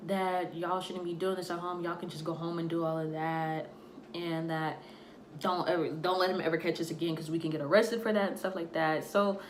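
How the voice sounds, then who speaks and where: A young woman vlogger tells a storytime tale in a casual, animated way, her voice on the low side and a little fast. She acts out the voices of the people in the story, recorded in an echoey room with faint noise.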